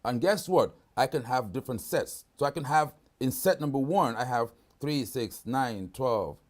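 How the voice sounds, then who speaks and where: A man's voice: medium pitch, lively intonation, normal speed. Man giving a casual live video-call demo. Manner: casual, keeps asking "right?". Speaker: product demonstrator.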